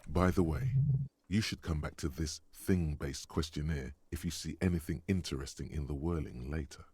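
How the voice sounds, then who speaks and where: A man voicing a game's inner voice of logic, speaking in a dry, measured, explaining manner. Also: rumbling low, darkish tone, husky, no echo. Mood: coolly explaining. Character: detached inner voice of cold male logic.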